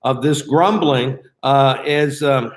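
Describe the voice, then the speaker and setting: A man leading a Bible study in a casual, conversational way, often pausing with fillers and restarting his sentences. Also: mid-range voice, reverberant.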